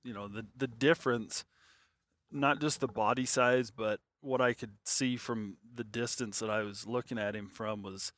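A man's voice: mid-range voice, fairly even intonation, normal speed, a bit bright, dry recording. A man telling a long hunting story in casual, rambling talk, full of fillers and restarts.

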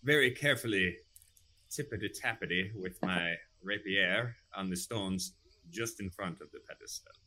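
Low bright-voiced guy playing a tabletop game, formal and playful. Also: moderate pace. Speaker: player.

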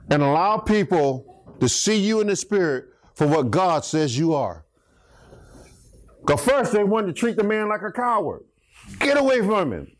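A man preaching a sermon, emphatic and bantering with his congregation, rising to shouts on key words. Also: high-pitched.

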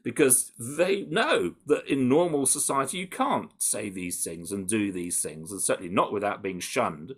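A British man answering interview questions in an animated, conversational way, with frequent restarts and fillers. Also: lowish voice, normal speed, hardly any pauses, husky. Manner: animated, full of restarts and "you know". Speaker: campaigner interviewed about undercover research.

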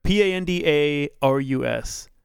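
A man co-hosting a casual podcast chat, hesitant, often trailing off quietly. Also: a little high, unhurried, vocal fry, clear, resonant tone, no room sound, studio quality. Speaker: podcast co-host.

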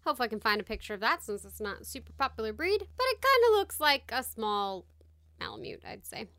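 Bright-voiced chatty woman podcast host. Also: a little high, very animated, quick pace, no room sound, studio quality. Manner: chatty, reads notes aloud with asides and laughs. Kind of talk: casual chat.

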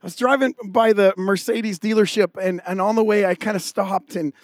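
A sweet wife wheedles her husband over the phone for one pricey thing after another, as a man puts her on in a joke. The voice sits high and the sound is dry and close. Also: steady tone, moderate pace, no echo, close to an everyday voice. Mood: coaxing.

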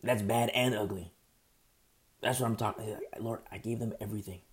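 A man preaching verse by verse, earnest and rambling, stumbling over hard names and pausing often because his throat is sore. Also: lowish voice, steady tone. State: sore throat, pauses to drink tea. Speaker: pastor. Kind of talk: verse-by-verse Bible teaching.

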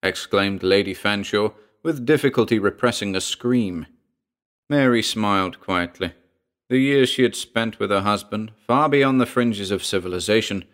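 A man narrating a short story as an audiobook, reading in a measured, even way. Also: lowish voice.

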